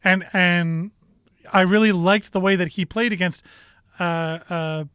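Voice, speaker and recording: A man's voice: high-pitched, fairly even intonation, unhurried, fairly bright tone, smooth, dry recording, studio quality. A man with a Canadian accent co-hosting a sports show, talking casually and rambling with restarts and strong opinions.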